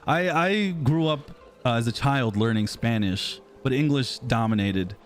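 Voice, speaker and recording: An American man in his thirties, speaking with an American accent, chats in an unhurried, mid-range voice while reading live-stream comments. His talk rambles and is self-deprecating, and soft background music plays.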